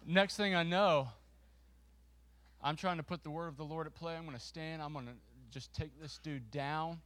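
A man preaching to a congregation, telling a funny story with a volunteer on stage, lively and self-mocking. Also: a little high. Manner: lively and self-mocking, with quick restarts and laughter.

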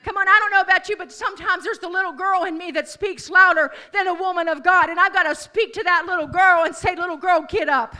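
Very high, bright-voiced woman preacher. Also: steady tone, fast talker, hardly any pauses. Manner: preaching with rising, declaring emphasis and repeated calls. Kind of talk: sermon.

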